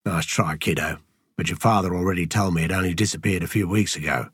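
A man's voice: low voice, quick pace, a bit bright, slightly rough, no room sound, clean studio sound. A man voicing a skeptical young nobleman in an audiobook, dismissive and teasing.

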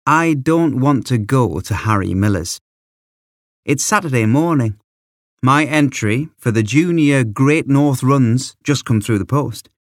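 A man reading a children's story aloud as a first-person narrator, in a lively, expressive way into a close microphone. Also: mid-range voice, unhurried, dry recording. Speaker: audiobook reader.

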